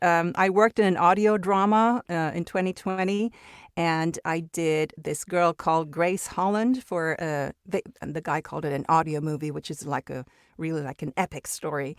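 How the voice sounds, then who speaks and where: A woman's voice: on the low side, dry recording, clean studio sound. A Mexican-raised woman whose first language is Spanish, chatting as a guest voice actor in an interview, with lots of restarts and repeated words. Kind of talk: casual interview chat.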